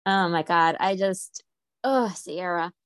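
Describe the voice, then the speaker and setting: A woman's voice: on the low side, slow, clean tone, no room sound. A woman co-hosting a casual podcast, chatting about reality TV, laughing often and acting out quotes. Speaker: podcast co-host. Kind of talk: casual reality TV recap chat.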